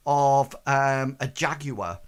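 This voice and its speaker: A man's voice: mid-range voice, slow, clear, resonant tone. A man narrating as game master, rambling and full of "sort of, like" fillers.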